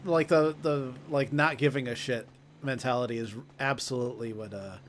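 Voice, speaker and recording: A man's voice: medium pitch, normal speed, slight background noise. A young man co-hosting a game stream, talking in a laid-back, rambling way with chuckles. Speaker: streamer and co-host. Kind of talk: casual chat.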